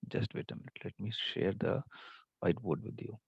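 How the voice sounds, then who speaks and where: A man's voice: on the low side, a little fast, vocal fry, husky, no echo, highs cut off. A man teaching an online English class, explaining patiently with many fillers. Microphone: computer mic on video call.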